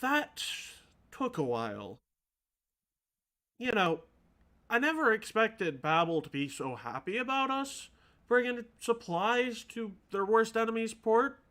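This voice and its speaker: A man's voice: sits high, very animated, takes it slowly, sharp tone, pitched above the performer's own voice, exaggerated voice. A man voicing a polite, composed woman character in a tabletop game, speaking in a raised voice. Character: composed, chatty woman arriving by ship. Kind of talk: tabletop role-play voice acting.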